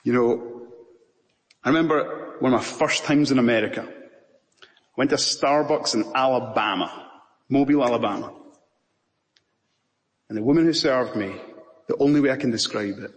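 A Scottish man preaching from the pulpit, his words carrying in long, measured phrases between pauses. His voice sits at an ordinary middle pitch. The sound rings with the long reverb of a large church hall. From Scotland. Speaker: pastor. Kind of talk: sermon. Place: church sanctuary.

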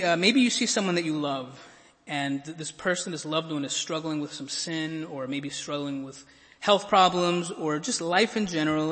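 A man preaching with a high, bright, forceful voice, earnest and prone to stumbling over repeated words. He surges to emphatic peaks as he drives his points home. The sound carries the long reverb of a large hall. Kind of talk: sermon.

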